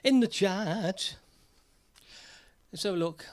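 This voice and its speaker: A British man hosting a casual live stream, chatty and jokey, slightly hoarse from a cold. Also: high voice, takes it slowly.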